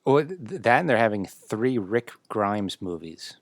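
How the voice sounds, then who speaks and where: A man's voice: fairly low pitch, lively intonation, measured pace, no echo. A man hosting a podcast, chatting casually with a dry, grumbling manner. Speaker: podcast host.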